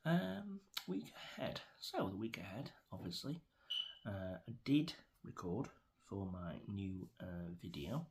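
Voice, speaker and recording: A man's voice: lowish voice, big pitch swings, takes it slowly, a little mellow, a little hiss or hum. A middle-aged man with an English accent, rambling through an opinionated vlog rant with many fillers and restarts. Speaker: vlogger.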